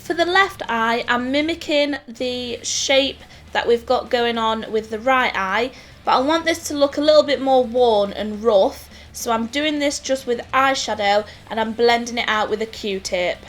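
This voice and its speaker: A woman with a Nottingham accent explaining makeup steps in a clear, scripted tutorial voice-over. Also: on the high side, unhurried, a bit bright, a little hiss or hum. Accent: English Midlands (Nottingham). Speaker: makeup artist host. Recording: voice-over with faint music.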